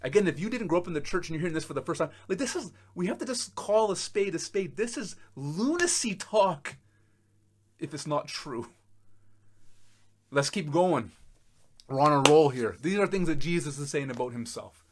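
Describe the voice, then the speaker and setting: A man preaching a sermon as pastor, emphatic, laughing in disbelief and swinging between loud and soft. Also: a little high, lively intonation, normal speed, a little hiss or hum. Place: church.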